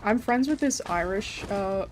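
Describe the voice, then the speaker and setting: A woman's voice: mid-range voice, expressive, a little slow, background noise. A young Australian woman streaming a game, chatting casually with many fillers and frequent swearing. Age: young adult. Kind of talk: casual live-stream chat.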